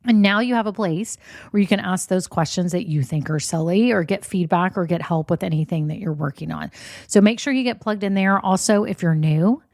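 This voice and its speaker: A woman hosting her own podcast in a chatty, upbeat way, her voice a bit scratchy and hoarse from a swollen voice box. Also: on the low side, fairly quick, a little mellow, dry recording, clean studio sound. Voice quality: slightly scratchy voice. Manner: chatty and upbeat, says y'all. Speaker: podcast host. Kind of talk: casual solo podcast talk.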